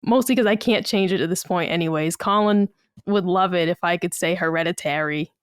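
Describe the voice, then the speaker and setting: A woman's voice: on the low side, a little fast, smooth, no room sound. A woman with a Massachusetts accent, chatting casually on a podcast and telling stories that quote other people along the way. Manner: chatty storytelling, quotes people in lively asides. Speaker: podcast co-host.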